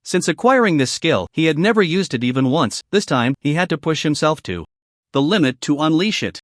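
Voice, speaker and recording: A man reading a scripted story recap in a steady narrating voice. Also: fairly high pitch, no room sound, studio quality.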